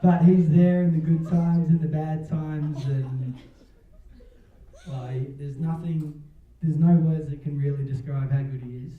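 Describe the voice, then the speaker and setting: A man's voice: a little high, level tone, measured pace. A man giving a wedding toast, joking and chuckling between lines and telling a story. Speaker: wedding speech giver. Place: wedding reception hall. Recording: distant, roomy, dull-sounding hall.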